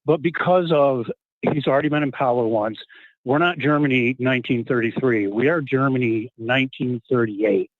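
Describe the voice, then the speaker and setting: A middle-aged man from Texas calling in, talking earnestly and haltingly with many restarts. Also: mid-range voice, dry recording. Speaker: caller. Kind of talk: call-in talk. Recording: tinny phone line, dry.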